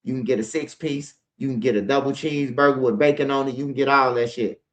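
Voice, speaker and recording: Man, Chicago accent, channel host, casual profane storytelling, bright tense voice, mid pitch. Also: fairly even intonation, quick pace. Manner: profane, rambling, fills lines with "bro"; talks straight to viewers, asks for comments.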